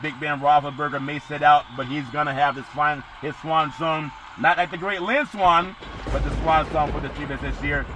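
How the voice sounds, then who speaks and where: A man hosting a casual sports podcast, rambling jokily through the weekend's football schedule with sudden loud bursts. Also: a little high, fairly even intonation, moderate pace, background noise.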